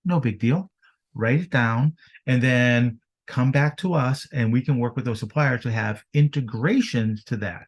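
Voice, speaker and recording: A man talking business as a podcast guest, energetic and fond of rhetorical questions. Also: medium pitch, measured pace. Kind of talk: casual business chat.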